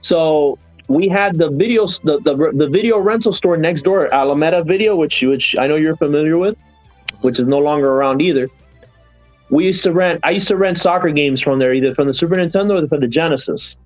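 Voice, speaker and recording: A man's voice: fairly high pitch, brisk, dry recording, muffled recording, soft background music. A man hosting a podcast, telling stories in casual chat with lots of restarts. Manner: animated storyteller, many restarts and "man". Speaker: podcast host.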